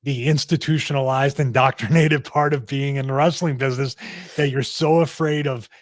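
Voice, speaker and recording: A man's voice: mid-range voice, steady tone, normal speed, no echo, studio quality. A man speaking as a guest on a casual podcast interview, rambling and restarting as he thinks aloud. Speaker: guest, former pro wrestler.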